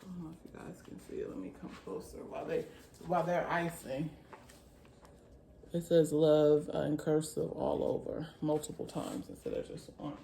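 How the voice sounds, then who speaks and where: A woman talking casually and with a teasing ease while she films her children baking in a home kitchen. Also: low voice. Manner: relaxed, chatty, colloquial, teasing with her kids. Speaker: mother and home-schooling parent filming her kids. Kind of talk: casual home vlog chat. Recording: roomy with faint background noise.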